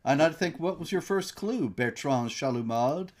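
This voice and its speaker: A man hosting a casual political chat in a conversational, sardonic way, with halting restarts. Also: on the high side, animated, a little mellow. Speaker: host.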